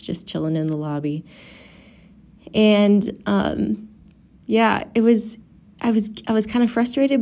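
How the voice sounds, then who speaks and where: A woman's voice: fairly low pitch, warm tone. A young woman and mother telling a travel story to her viewers in a casual, chatty way, with lots of "like" and acted-out quotes.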